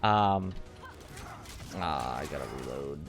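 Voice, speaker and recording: A man casually commenting on his gameplay as he plays, rambling and offhand. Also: moderate pace. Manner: rambling and offhand, puts on silly high voices for characters. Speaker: game walkthrough host.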